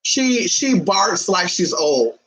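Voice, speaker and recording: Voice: mid-range voice, very animated, takes it slowly, fairly bright tone, husky. A vlogger ranting to camera in a sassy, profane, emphatic way, calling listeners honey and baby. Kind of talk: casual ranting monologue to camera. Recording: dull lo-fi recording.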